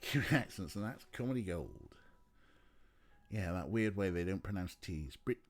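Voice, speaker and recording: A man's voice: low-pitched, lively intonation, moderate pace, soft background music. A man streaming a game, chatting casually in a rambling, filler-heavy way. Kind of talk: casual let's play chat.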